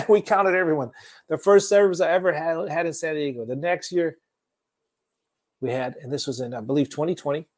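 A man preaching a sermon, telling a testimony in an animated storytelling manner that swings between loud and soft. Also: fairly high pitch, normal speed, long pauses.

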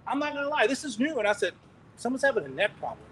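A man preaching, telling a testimony in an animated, rambling way with laughs and restarts. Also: very high voice, racing, a little hiss or hum, poor audio. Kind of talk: sermon testimony storytelling.

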